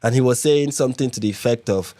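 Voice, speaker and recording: A man's voice: mid-range voice, quick pace, dark tone, dry recording. A man from Nigeria hosting a live reaction stream, repeating his points with emphasis and many fillers. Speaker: livestream host.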